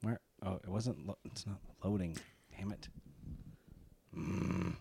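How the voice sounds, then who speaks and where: A man co-hosting a casual sports podcast, joking and talking trash in quick banter. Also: sits low, creaky, dark tone, slight background noise. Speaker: podcast co-host. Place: studio room.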